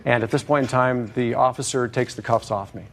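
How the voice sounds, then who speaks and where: Man, plaintiff, mid-pitched, rambling, halting, recounting at length in court. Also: steady tone, vocal fry. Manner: rambling, hesitant, many fillers and restarts. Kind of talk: testimony in court.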